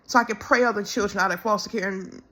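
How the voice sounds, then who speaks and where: A woman speaking in an emotional personal monologue, halting and repeating words, close to tears as she pleads. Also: medium pitch, fairly even intonation, bright, forceful tone. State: tearful, close to crying. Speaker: self-described minister.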